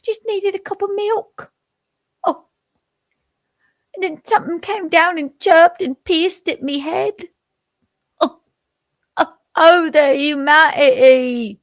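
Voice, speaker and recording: A woman's voice: extremely high pitch, slow pace, pauses often, pitched above the performer's own voice, full character voice. A woman voicing a flustered elderly English man in an attempted mock Cockney accent, over-the-top and wailing. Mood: melodramatic.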